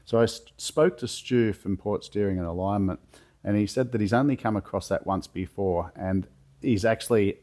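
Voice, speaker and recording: A man with a cold and a hoarse voice, talking through a car chassis rebuild step by step in a relaxed, plain-spoken way from his home garage. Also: on the low side, normal speed. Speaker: workshop builder demonstrating a chassis rebuild. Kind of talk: casual step-by-step how-to explanation.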